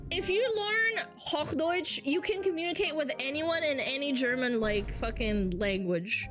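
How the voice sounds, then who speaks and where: A woman's voice: sits high, lively intonation, unhurried, over music. A woman streamer chatting casually with her live chat, brash and swearing freely as she reads messages aloud.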